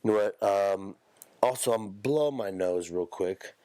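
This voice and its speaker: A man's voice: lowish voice, measured pace, dark tone, dry recording. A man hosting a solo podcast in loose, profane, rambling casual chat with joking asides, coughing and stuffed up from allergies. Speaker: podcast host.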